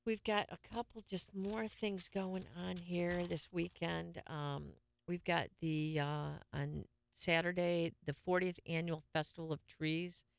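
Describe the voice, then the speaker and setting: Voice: mid-range voice, little pitch movement, a little slow, vocal fry, few pauses, clean tone. A radio show host chatting casually on air, rambling and joking at their own expense. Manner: rambling, jokey, self-mocking. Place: radio studio.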